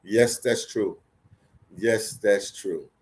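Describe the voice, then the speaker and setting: A livestream host from Philadelphia tells stories in a casual, live format, repeating phrases and leaning on emphasis. His voice is on the low side and a little mellow, and he speaks extremely slowly.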